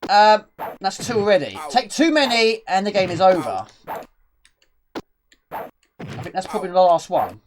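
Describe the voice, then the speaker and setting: A woman streaming a retro game, talking loosely and breathlessly as she plays. Her pitch swings a lot and she rambles from one thought to the next, reading chat questions aloud as she goes. She sounds winded from nonstop talking. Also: sing-song, unhurried, pauses often, slight background noise. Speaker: live streamer. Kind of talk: casual gameplay commentary.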